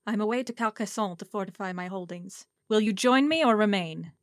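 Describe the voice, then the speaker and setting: A woman voices a stern male nobleman who barks urgent orders in a raised voice. Her mid-range voice, close to how she normally talks, runs a little fast, recorded dry with clean studio sound.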